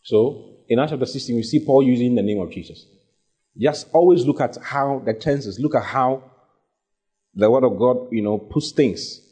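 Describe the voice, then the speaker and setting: A man's voice: medium pitch, normal speed, mellow, slightly rough. A man preaching a sermon, emphatic and repeating his key phrases as he exhorts the congregation.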